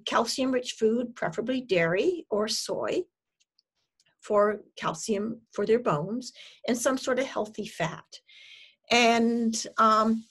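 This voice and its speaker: Woman, dietitian, husky breathy voice, measured explaining, presentation to an audience. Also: a little high. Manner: measured, explaining step by step with frequent ums.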